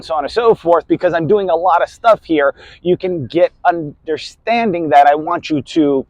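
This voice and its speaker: A man's voice: fairly high pitch, moderate pace, hardly any pauses, dry recording, low-quality recording. A man hosting a motivational talk, stressing key words with volume and often saying "so on and so forth". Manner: keeps repeating "so on and so forth". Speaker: host.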